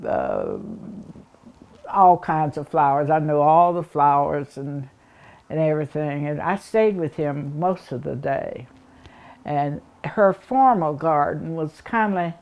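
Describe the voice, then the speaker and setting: In a low, mellow voice, an older Appalachian-accented woman from East Tennessee tells rambling stories from her childhood for an oral history. She chuckles along the way and plays the parts of the people she recalls.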